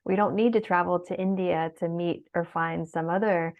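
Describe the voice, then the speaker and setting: A woman's voice: on the low side, steady tone, moderate pace. A middle-aged woman speaking as a guest in an interview, heartfelt and sometimes tearful, with many fillers. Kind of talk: emotional interview conversation. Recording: dull lo-fi sound.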